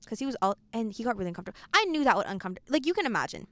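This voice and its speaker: A teenage girl hosting a podcast, telling stories in a quick, animated, laughing way. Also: a little high. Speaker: podcast host. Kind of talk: casual chat.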